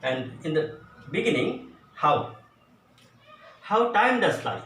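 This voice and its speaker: A man teaching an English grammar lesson at a board, explaining slowly and going over each example again. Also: fairly high pitch, sing-song, fairly bright tone. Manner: slow, deliberate explaining with repeated examples. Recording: echoey room, voice from a distance, faint noise.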